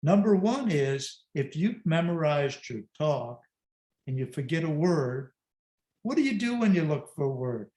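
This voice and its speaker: Man, speaker coach, online presentation, emphatic self-deprecating delivery, raised pitch, echoey home room. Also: big pitch swings, a little slow, dark tone.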